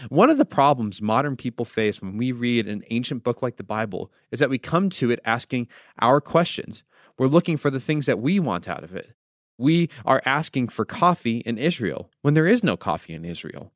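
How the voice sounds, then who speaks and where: A man's voice: medium pitch, very animated, moderate pace, dry recording, clean studio sound. A man hosting a devotional podcast, teaching with storytelling and wry asides. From United States. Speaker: podcast host.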